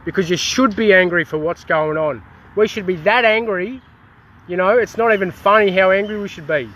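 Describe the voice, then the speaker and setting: A man's voice: high-pitched, a little fast, a bit bright, dull audio. An Australian man in a casual activist rant, heated and swearing, with many restarts, recorded outdoors in a town.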